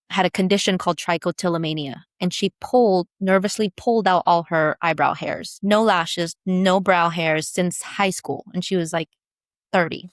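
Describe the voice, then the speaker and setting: A woman guest, a brow tattoo business founder, telling her personal story in an interview in emphatic, animated bursts. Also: on the low side, dry recording, studio quality.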